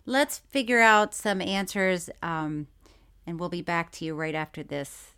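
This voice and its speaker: A woman co-hosting a podcast in casual chat, animated and exclamatory, gasping in surprise. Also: lowish voice, unhurried, clean tone. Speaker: podcast co-host.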